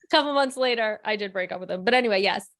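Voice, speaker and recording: A woman's voice: medium pitch, rapid-fire, vocal fry, a bit bright. A woman co-hosting a podcast, chatting casually in a self-deprecating way. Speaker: podcast co-host. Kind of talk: casual chat.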